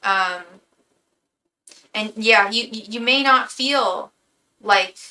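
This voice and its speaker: A woman's voice: medium pitch, takes it slowly, pushed and bright, rough recording. A woman tarot reader giving a live reading to her chat in a casual, chatty way, often stumbling and repeating words as she talks.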